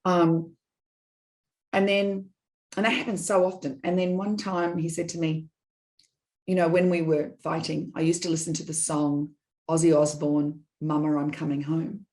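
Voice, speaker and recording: Woman, middle-aged, podcast guest, rambling, animated storyteller, slightly low voice. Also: moderate pace. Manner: animated, digressive, acts out quoted dialogue. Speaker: guest, business consultant. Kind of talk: candid personal storytelling in a podcast interview.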